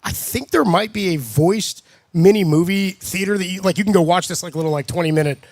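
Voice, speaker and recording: A man's voice: high voice, brisk. A young man co-hosting a sports radio show in a loose, joking way, saying dude a lot. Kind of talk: casual radio chat.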